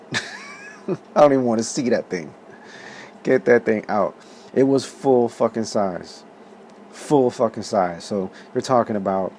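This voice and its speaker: A man's voice: medium pitch, a little hiss or hum. A man in his thirties telling a story in a rambling, casual way, with lots of swearing and laughter. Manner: profane, animated, laughs often. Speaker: vlog host.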